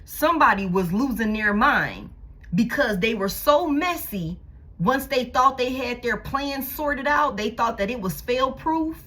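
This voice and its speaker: Husky, blunt tarot-reading woman. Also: a little high, lively intonation, a little slow, pushed and bright. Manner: blunt, profane, emphatic and repetitive. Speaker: tarot reader. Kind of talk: casual tarot reading to camera.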